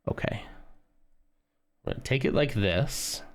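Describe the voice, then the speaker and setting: A man's voice: mid-range voice, expressive, unhurried, clear, resonant tone. A man casually chatting with viewers on a live stream while building a model kit, rambling and humming tunes as he works.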